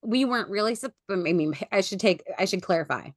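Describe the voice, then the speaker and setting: A woman's voice: mid-range voice, lively intonation, brisk, dry recording, clean studio sound. A woman co-hosting a podcast in casual chat, chatty and often laughing as she tells a story. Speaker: podcast co-host.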